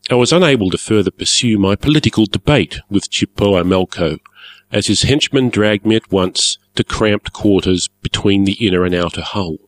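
A man narrating a story in a measured, formal, wry manner. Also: low-pitched, animated, dry recording.

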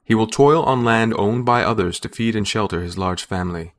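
A man reading a story and voicing an imperious four-headed creator god who speaks slow and booming. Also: lightly acted. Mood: grave.

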